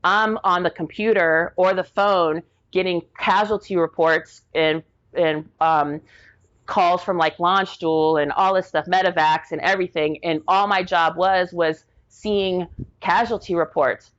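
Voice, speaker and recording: Woman, 40s, veteran guest; low, rambling, casual storyteller; lo-fi recording. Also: fairly even intonation, unhurried. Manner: rambling, heavy use of "like", acts out quoted people.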